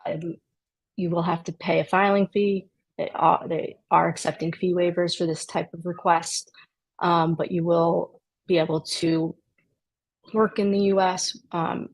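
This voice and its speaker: A woman's voice: fairly low pitch, vocal fry, rough recording. A woman immigration attorney explaining a legal process in a conversational way, with dry sarcastic asides. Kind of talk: explanatory talk to camera.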